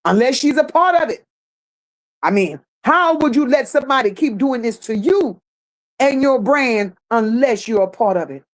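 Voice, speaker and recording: A woman hosting a reaction channel, gossiping in casual commentary and reading chat comments, animated and laughing. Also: fairly high pitch, moderate pace. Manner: animated, laughing, gossipy with playful put-on voices.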